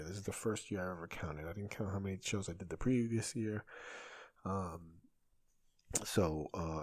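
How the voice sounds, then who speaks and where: A man in his thirties with a somewhat low voice talks alone on his podcast. As a comedian and host, he rambles casually, breaking off and restarting his sentences. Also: darkish tone. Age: 30s. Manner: rambling, self-interrupting, conversational. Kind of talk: solo podcast monologue.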